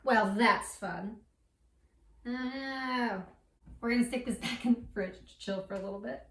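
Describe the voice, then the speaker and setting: A woman's voice: a little high, a little slow, fairly bright tone. A woman hosting a home baking show, walking through a recipe in a playful, chatty way and talking to her dough as she works in a kitchen. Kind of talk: casual cooking tutorial. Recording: echoey room, mic at a distance.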